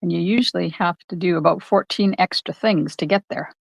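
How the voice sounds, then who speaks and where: A woman's voice: on the low side, fairly quick, creaky, no room sound. An older woman hosting a live crafting demonstration from her home craft room, chatting casually and greeting viewers by name. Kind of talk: live-streamed crafting demo.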